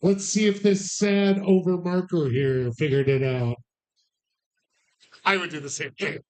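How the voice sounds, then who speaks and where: Calling bingo at a bar in a live setting, a man speaks at a measured pace in a high voice with fairly even intonation. He jokes with the crowd casually, sarcastically, and profanely.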